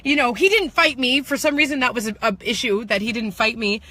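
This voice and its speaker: A woman telling a personal story in a vlog, animated and laughing, swinging between slow reflective lines and fast excited bursts that rise into shouts. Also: fairly high pitch, no echo. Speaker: spiritual manifestation coach.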